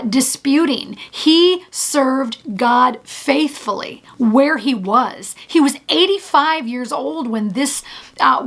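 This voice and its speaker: High-voiced woman giving an earnest devotional talk. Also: fairly bright tone. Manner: earnest, encouraging, with halting restarts. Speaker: ministry leader.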